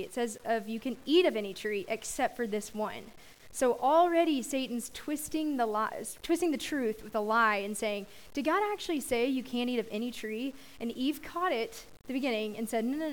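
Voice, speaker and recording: A woman's voice: on the high side, poor audio. A young woman giving a youth sermon, praying and reading scripture in a casual, chatty way that laughs off her own slips. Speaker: youth speaker.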